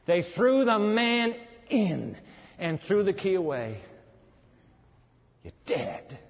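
A man preaches a dramatic sermon in a high, husky voice that leaps across its range, swinging from booming to hushed. The sound is dull and lo-fi, with a long reverb from a large hall. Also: big pitch swings, slow.

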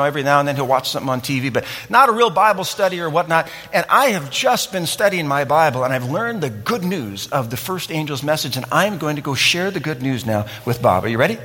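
A man preaching a sermon in an animated way, acting out scenes and asking his listeners questions. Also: fairly high pitch, husky, in a large hall. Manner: animated, acts out scenes and asks the audience questions. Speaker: pastor.

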